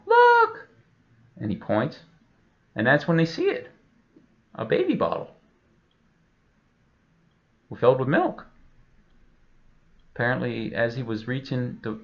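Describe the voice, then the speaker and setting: Guy cursing his way thru a rambling funny story, bouncy pitch, muffled lo-fi sound. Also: gravelly. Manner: profane, rambling, full of filler. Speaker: comedian.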